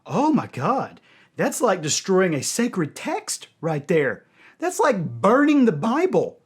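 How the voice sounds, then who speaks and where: Animated man reacting with loud exclamations. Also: high-pitched, slow, husky. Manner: exclamatory, loud cries of dismay; addresses audience as ladies and gentlemen. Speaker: video reaction host. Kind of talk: reacting to a music video.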